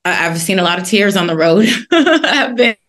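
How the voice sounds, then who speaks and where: A woman author as a guest in an interview, telling stories in an earnest, animated way. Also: mid-range voice, moderate pace. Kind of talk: interview conversation.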